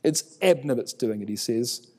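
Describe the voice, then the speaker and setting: A man's voice: mid-range voice, moderate pace, long reverb tail. A man teaching through a Bible passage verse by verse, acting out the dialogue with a raised voice. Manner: animated, acts out biblical dialogue in raised voice.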